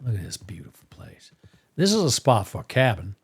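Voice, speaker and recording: A man's voice: medium pitch, big pitch swings, brisk, a little hiss or hum. A man streaming a western role-play game, chatting in a rambling, playful way and talking to his horse while staying in character. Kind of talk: casual chat while role-playing in a game.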